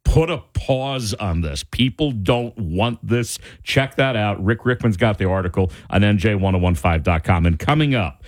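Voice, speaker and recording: A man's voice: fairly low pitch, expressive, normal speed, hardly any pauses. A middle-aged man hosting a talk radio show, ranting in an exasperated, casual monologue.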